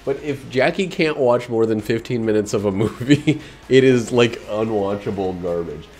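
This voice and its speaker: A man casually commenting while he streams a video game, rambling, joking and breaking into excited outbursts. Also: on the low side, normal speed. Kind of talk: casual let's-play commentary.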